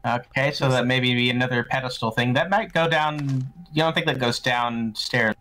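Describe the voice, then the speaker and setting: A man's voice: mid-range voice, fairly even intonation, moderate pace, sharp tone, rough recording. A man playing a game alongside a streamer, chatting casually with teasing, dry quips. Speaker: co-player. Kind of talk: casual let's-play chat.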